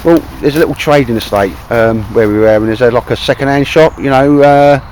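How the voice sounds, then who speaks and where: A man's voice: medium pitch, a little fast, a little mellow, a little hiss or hum, rough recording. A man with a Cockney accent chatting casually to camera outdoors in a wet wood, rambling and calling his mate "mate". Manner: rambling, chummy, keeps saying "mate". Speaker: outdoor vlogger.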